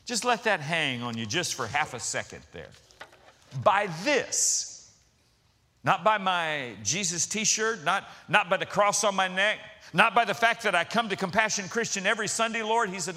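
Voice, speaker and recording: Brief: middle-aged pastor, male, bright high voice, lively storyteller. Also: normal speed. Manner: animated storytelling with voiced quotes. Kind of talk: sermon.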